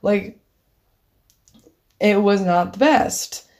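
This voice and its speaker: A woman's voice: mid-range voice, very slow, a little mellow. A young woman casually telling a personal story, laughing often and acting out what each person said. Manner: chatty, laughing often, acting out both sides of a conversation.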